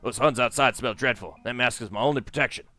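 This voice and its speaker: A man's voice: medium pitch, fast talker, pushed and bright, natural voice. A man voicing an eccentric old British brigadier with a pompous, exclaiming manner while reading game dialogue aloud. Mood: blustering.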